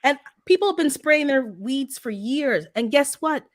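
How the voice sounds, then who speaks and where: Gardening host, woman, higher register, fired-up conversational storyteller. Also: a little slow, dry recording, studio quality. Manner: animated, heated storytelling. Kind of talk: casual chat.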